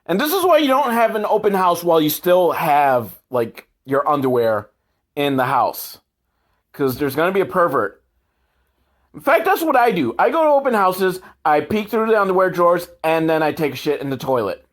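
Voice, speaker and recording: A man's voice: fairly high pitch, animated, moderate pace. A man host sarcastically recapping a movie, swearing a lot and mocking the characters in put-on voices. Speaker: comedy podcast host.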